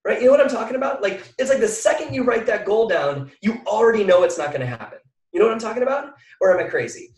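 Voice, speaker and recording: A man giving a motivational talk to an audience, energetic and often asking the listeners questions. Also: high-pitched, fast talker. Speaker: mindset speaker. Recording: echoey room from far off.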